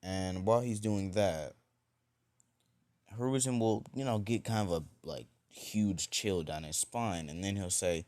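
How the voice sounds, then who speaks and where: A man's voice: low-pitched, measured pace, darkish tone. A man improvising a fan-fiction story, rambling and full of fillers and restarts.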